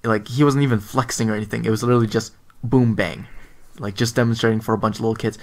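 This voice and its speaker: A man's voice: on the low side, fairly even intonation, quick pace. Laughing young man telling stories. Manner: storytelling, laughs often, swears casually. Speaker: podcast co-host. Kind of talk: casual chat.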